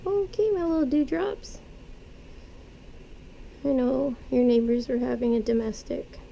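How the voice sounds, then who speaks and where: Soft-spoken woman soothing her pets. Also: a little high, gravelly, dull audio, slight background noise. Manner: soothing, talks softly to animals. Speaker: pet vlogger. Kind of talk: casual talk to pets while cleaning cages. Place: indoor room with pet cages.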